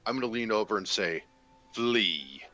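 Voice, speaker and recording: Deep-voiced male player, bright and animated, theatrical delivery. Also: measured pace, faint music behind, poor audio. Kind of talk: playing a tabletop game.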